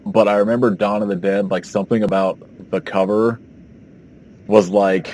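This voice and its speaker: Man, podcast co-host, lowish voice, rambling casual talk, faint background hiss. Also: steady tone, normal speed, a little mellow. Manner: rambling, hesitant, full of "like" fillers. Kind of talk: casual chat.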